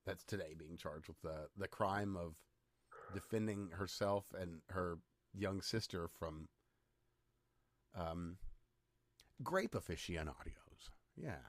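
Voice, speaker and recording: Low-voiced man, wry rambling podcast chat. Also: slow, long pauses, no echo. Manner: rambling, sardonic, hesitant restarts. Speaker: podcast co-host. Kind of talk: casual chat.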